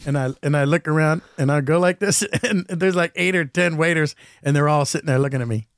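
Podcast host, male, animated casual storyteller; a bit high, dry sound. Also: fairly quick, hardly any pauses, dry recording. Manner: animated, acts out quotes, chuckles.

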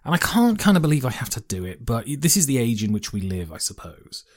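Man, casual podcast host, lively pitch, nervous and chatty. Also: brisk. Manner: chatty, slightly nervous, repeats himself. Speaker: solo game player and podcast host.

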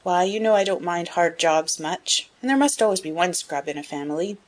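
A woman reading a spirited, frank, headstrong young woman in an audiobook, in a brisk, emphatic way. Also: fairly low pitch, lightly acted. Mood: cheerful. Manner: brisk, emphatic, rising to excited outbursts.

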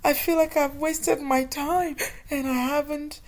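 A woman's voice: sits high, fairly even intonation, measured pace, darkish tone, pitched above the performer's own voice. A woman voicing her distressed eight-year-old daughter, who pleads through tears and keeps repeating herself. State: crying.

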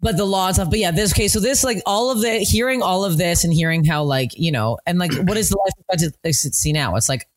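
Fast-talking, frank woman comedian. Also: lowish voice. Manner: rapid, frank, swearing storyteller. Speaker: comedian guest. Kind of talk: casual podcast chat.

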